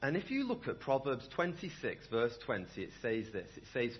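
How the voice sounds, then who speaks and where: A young man delivers a lively sermon, his voice swinging up and down with energy. His tone is slightly husky and a touch high, and he keeps asking the congregation rhetorical questions. The sound is a dull, lo-fi recording from a church. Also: moderate pace, hardly any pauses. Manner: animated, conversational, asks the room rhetorical questions. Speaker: preacher. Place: church hall.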